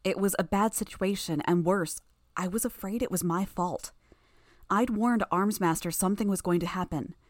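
A woman narrating first-person fiction in an even, steady reading voice. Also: medium pitch, moderate pace, no room sound, clean studio sound. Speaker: audiobook narrator.

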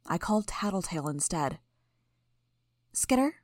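A woman with a lowish voice reads a novel aloud in the first person. Her telling is steady and even, recorded close and dry with no room sound. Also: normal speed, dry recording. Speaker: audiobook narrator.

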